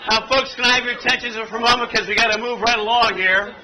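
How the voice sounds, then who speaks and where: Man, very high voice, workshop presenter, playful storyteller, jokes with audience, noisy room recording. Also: fairly even intonation, fast talker, over a noisy crowd. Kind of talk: interactive training demonstration. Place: conference room with audience at tables.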